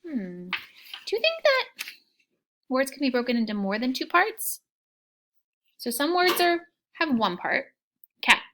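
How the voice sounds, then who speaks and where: A woman teaching young children a phonics lesson, slow and encouraging in a sing-song way, with soft whispered asides. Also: high-pitched, sing-song, noisy background.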